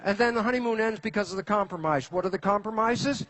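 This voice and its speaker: A man giving a lecture to a live audience, animated and throwing rhetorical questions at the listeners. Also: high voice, fast talker, a little hiss or hum. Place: in front of an audience.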